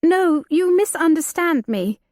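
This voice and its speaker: A woman's voice: extremely high pitch, expressive, a little slow, darkish tone, dry recording, clean studio sound, pitched above the performer's own voice. A woman voicing a frightened young woman in an audiobook, stammering in panic. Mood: pleading. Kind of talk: audiobook character voice.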